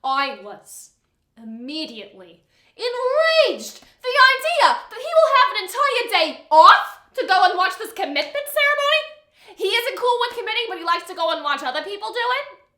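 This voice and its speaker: Woman putting on a New York accent, impulsive jilted young woman, bright piercing tone, swinging wildly in pitch. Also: normal speed, full character voice. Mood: exasperated. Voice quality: animated, exasperated delivery. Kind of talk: comedic monologue performance. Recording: echoey room.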